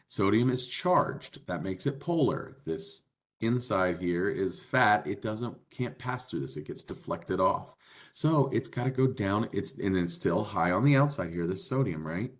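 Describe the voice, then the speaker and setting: A man with a deep, low voice teaches a biology lesson. He explains in a casual, conversational manner, stopping often for fillers as he walks through examples. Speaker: biology instructor. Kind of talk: classroom lecture.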